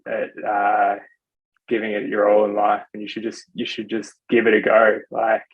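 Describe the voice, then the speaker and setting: A man's voice: lowish voice, completely flat delivery, moderate pace, husky. Casual man, slightly muffled. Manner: casual, many "like" fillers. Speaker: podcast guest, software developer. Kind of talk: casual chat. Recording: slightly dull lo-fi sound.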